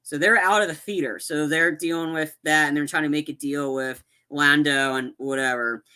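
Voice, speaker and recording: Casual podcast co-host, male, tense bright tone, slightly high, rambles and backtracks with plenty of fillers. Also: fairly even intonation, normal speed, clean tone. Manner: rambling, many fillers and restarts. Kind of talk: casual movie chat.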